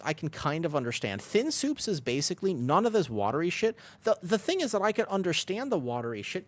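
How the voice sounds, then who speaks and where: A young man chats casually on a game stream, rambling from one thought to the next as he answers his viewers. His mid-pitched voice swings widely up and down, and keyboard typing clicks behind him. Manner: rambling, animated, reads chat and answers. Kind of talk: casual chat while gaming.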